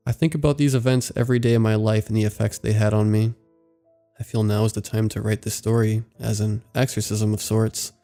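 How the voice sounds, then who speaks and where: A man narrating scary stories in a slow, even storytelling delivery. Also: on the low side, faint music behind. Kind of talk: scripted horror story narration.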